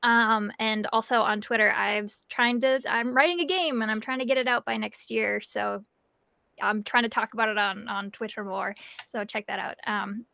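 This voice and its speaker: A woman's voice: a little high, steady tone, normal speed, vocal fry, bright, forceful tone, no room sound. A woman tabletop player who chats casually and upbeat, with a lot of fillers, as she plugs her projects. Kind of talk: casual chat.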